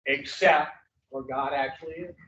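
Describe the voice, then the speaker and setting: Man, high voice, blunt profane preaching, rhetorical questions, echoey room, distant mic. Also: steady tone, normal speed, a bit bright. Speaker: recovery speaker. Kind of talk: preaching talk to a group. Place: meeting room at an addiction recovery center. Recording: roomy, distant, muffled room recording.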